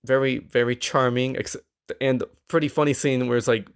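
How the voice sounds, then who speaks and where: A man co-hosting a podcast in casual chat, animated and stammering with quick asides. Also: medium pitch, smooth. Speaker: podcast co-host.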